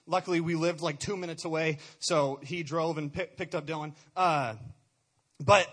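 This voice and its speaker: Young man, high and husky, earnest testimony, stumbles and restarts a lot. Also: fairly even intonation, normal speed, fairly bright tone. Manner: earnest, stumbling over repeated words. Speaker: speaker sharing a testimony. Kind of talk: personal testimony.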